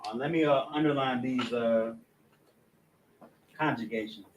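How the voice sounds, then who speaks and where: A man teaching a language lesson, writing on a board, slowly sounding out words and correcting his own mistakes aloud. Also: mid-range voice, roomy sound, a little hiss or hum. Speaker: class teacher. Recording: dull lo-fi room recording.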